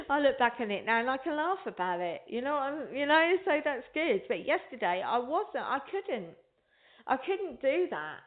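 A woman's voice: high-pitched, big pitch swings, moderate pace. A woman hosting a spiritual talk show, chatting in a rambling way and speaking straight to her listeners. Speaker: radio show host. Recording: tinny phone line.

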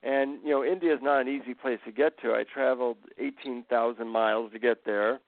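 A man, a guest author, telling relaxed stories in a casual interview. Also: medium pitch, brisk, no room sound. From America. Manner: relaxed anecdotal storytelling. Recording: tinny phone line.

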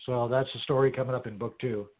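A man's voice: mid-range voice, steady tone, quick pace, a little hiss or hum. A man investigator answering interview questions in an easygoing way, with short agreements and some hesitation. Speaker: paranormal investigator guest. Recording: tinny phone line.

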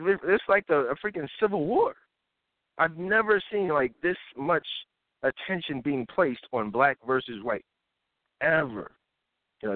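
A man in his thirties hosts a live talk show, ranting with a lively, animated voice that swoops up and down. He now and then mocks people in put-on voices. The sound is thin and phone-like, with no room echo. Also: on the high side. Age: 30s. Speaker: host.

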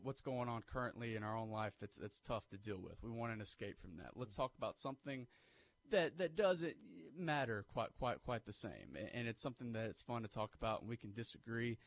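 Animated man on sports radio. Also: medium pitch. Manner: animated, pushes hot takes and emphatic opinions. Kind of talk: casual sports talk radio. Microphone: studio microphone.

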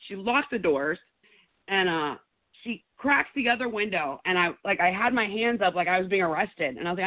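A woman guest telling a first-hand story in a lively way, acting out her own words loudly. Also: mid-range voice, moderate pace. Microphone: phone call. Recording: tinny phone line.

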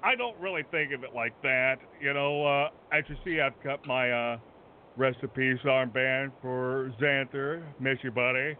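A man's voice: medium pitch, moderate pace. A man in character as a brash wrestler, bragging and rambling, stretching his words for effect. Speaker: wrestler persona on a talk show. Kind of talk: in-character wrestling promo chat. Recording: tinny phone-like line, faint noise.

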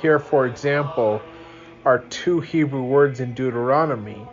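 A man's voice: medium pitch, measured pace, highs cut off. A young man reading a religious book aloud at home in the early morning, tired and yawning, drifting into rambling asides. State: sleepy.

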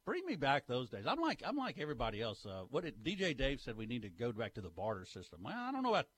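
A man's voice: mid-range voice, wildly swooping pitch, fast talker, fairly bright tone, breathy edge. A man co-hosting a sports radio show, joking at his own expense. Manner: self-deprecating, joking. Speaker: radio co-host. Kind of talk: casual radio banter.

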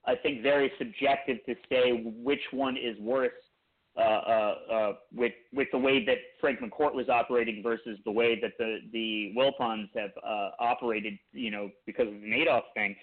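Man, podcast co-host, casual chat, rambling with restarts, mid-pitched voice, tinny phone-like line. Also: fairly even intonation, moderate pace.

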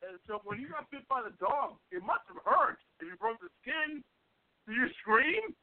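A man with a high, very lively voice chats casually as a host, often breaking into laughter and exclamations. The sound is thin and phone-like, with a dry, close feel. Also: normal speed, no room sound. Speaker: podcast host. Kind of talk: casual chat.

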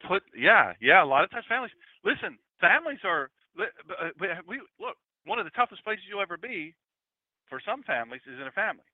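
Fifty-something pastor, lively tinny voice. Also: male voice, sits high, fairly quick, no echo. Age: 50s. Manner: conversational, talks to the congregation. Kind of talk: casual sermon. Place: church room with congregation. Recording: tinny phone-like sound.

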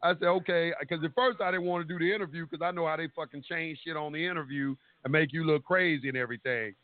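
Calling in to a talk radio program, a man with a somewhat high voice speaks at a quick pace. The line sounds tinny and dry as he tells a lengthy, spirited story, voicing what each person said and swearing here and there.

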